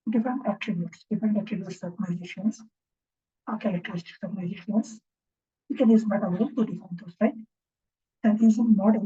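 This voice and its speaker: A woman instructor talks through a lesson in a breathy, husky voice with a dark, mellow tone. She thinks aloud as she goes, pausing and checking in with the class. The recording is dull and lo-fi. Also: mid-range voice. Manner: halting, thinking aloud, often ends points with a questioning "right?". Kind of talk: informal recorded lecture.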